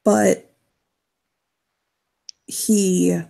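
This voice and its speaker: A woman narrating a tabletop role-playing game as game master, pausing and restarting as she searches for words and sighs. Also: mid-range voice, little pitch movement, vocal fry, warm tone. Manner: halting, searching for words, sighing.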